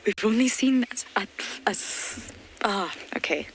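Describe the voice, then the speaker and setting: A woman giving live safari commentary from a vehicle outdoors, excited and emotional, sometimes dropping to a whisper. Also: medium pitch, unhurried, slight background noise, rough recording. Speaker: safari guide presenter.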